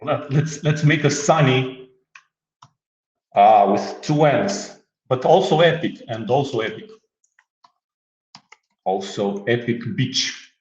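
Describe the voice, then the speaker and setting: A man giving a casual software demo, joking and laughing often, with many restarts and fillers. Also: medium pitch, slow pace, long pauses. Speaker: guest demonstrating software. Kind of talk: casual tech demo chat. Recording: roomy, slightly dull remote audio.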